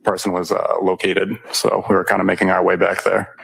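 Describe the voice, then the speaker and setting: A man, a firefighter, testifying in court with hesitant, short answers and many pauses. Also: sits low, monotone, gravelly, breathy edge, rough recording. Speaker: firefighter witness. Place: courtroom witness stand.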